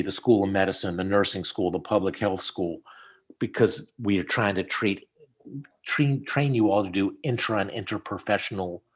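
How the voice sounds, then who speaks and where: A man's voice: lowish voice, husky. A middle-aged man, a dentist, walking a student through cases in casual teaching chat over a video call, telling stories as he goes. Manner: storytelling, animated when quoting people.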